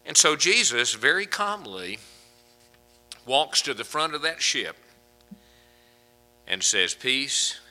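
Bright-voiced pastor preaching. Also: male voice, mid-range voice, big pitch swings, slow pace, pauses often, rough recording. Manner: folksy and conversational, chuckling between points. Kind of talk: sermon.

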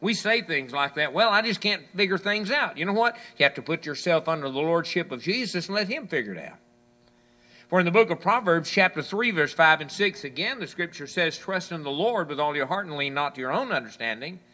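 Animated, bright-voiced male preacher. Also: on the high side, brisk. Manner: preaching, quotes scripture, voices the complaints of listeners; swings from loud to hushed. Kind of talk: sermon.

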